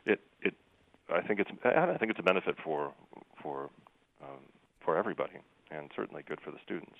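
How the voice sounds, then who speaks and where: A man's voice: deep voice, animated, moderate pace, creaky, no echo, narrow, tinny audio. A man who sings opera, talking in a rambling conversational way with many fillers and restarts. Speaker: opera singer. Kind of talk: casual conversation.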